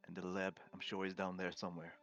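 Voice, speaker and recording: A man playing a tabletop role-playing game, relaxed and laughing easily as he restarts his phrases. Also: low voice, fast, muffled recording, faint music behind. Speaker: player. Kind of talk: casual tabletop play.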